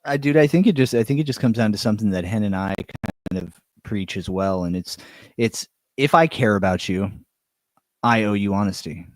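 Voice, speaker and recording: A man's voice: on the low side, a little fast, no echo. A man co-hosting a podcast in a casual chat, laid-back and swearing freely, saying "dude" a lot. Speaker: podcast co-host.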